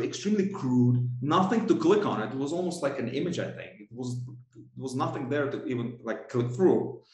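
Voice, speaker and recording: A man's voice: mid-range voice, a little mellow, reverberant, low-quality recording. A man telling a personal story as a podcast guest, rambling with many restarts and self-corrections and laughing often. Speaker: podcast guest, coach and author. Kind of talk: casual storytelling interview.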